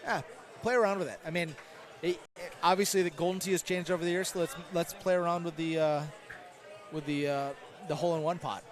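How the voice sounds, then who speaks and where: At a noisy bowling alley, a man casually commentates live on an arcade golf game, chatty and analytical, with self-deprecating asides and plenty of fillers. His voice is on the high side and steady, a little fast, with some chatter in the background.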